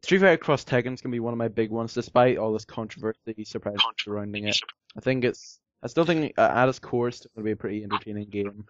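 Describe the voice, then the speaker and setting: A man's voice: fairly low pitch, fast talker, dry recording, muffled recording. A man chatting casually as a podcast co-host, rambling with lots of fillers and some sarcasm. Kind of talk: casual chat.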